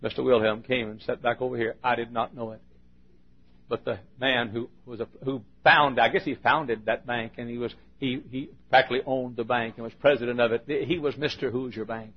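A man preaching a sermon in a church, swinging between shouted appeals and quiet asides. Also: medium pitch, steady tone, brisk, slightly rough. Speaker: pastor. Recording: dull lo-fi sermon recording.

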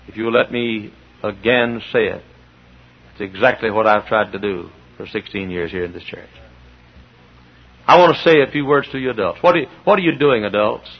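Fiery Baptist preacher on old tape. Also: male voice. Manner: impassioned, swinging from low asides to shouts. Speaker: Baptist pastor. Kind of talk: sermon. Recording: dull lo-fi recording.

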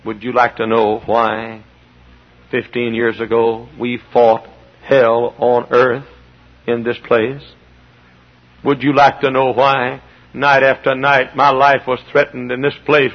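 A middle-aged man preaching as a Baptist pastor, impassioned, dropping to low asides and rising to shouts. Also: level tone, measured pace. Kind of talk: sermon. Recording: dull lo-fi recording.

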